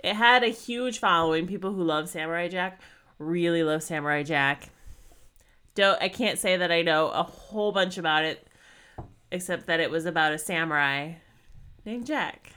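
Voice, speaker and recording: A woman's voice: on the low side, moderate pace, sharp tone, clear, resonant tone. A woman co-hosting a podcast, chatting casually in a rambling, giggly way. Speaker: podcast co-host. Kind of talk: casual chat.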